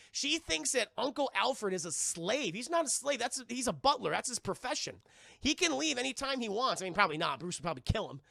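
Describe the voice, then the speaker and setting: A man reviewing a film live, talking casually and sarcastically to his chat and swearing freely. His voice is high and bright, with a gravelly fry running through it. The sound is dry and close. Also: no echo. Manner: animated, profane and sarcastic.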